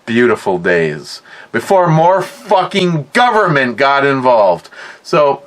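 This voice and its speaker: A middle-aged man tells a rambling, profane story at a slow, unhurried pace. His voice sits at an ordinary pitch, and he stumbles and repeats words as he goes. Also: very animated. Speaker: podcast host. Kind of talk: casual storytelling.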